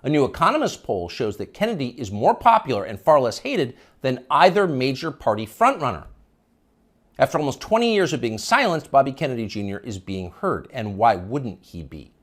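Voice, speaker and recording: A middle-aged male commentator delivering a sarcastic, emphatic opinion monologue. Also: medium pitch.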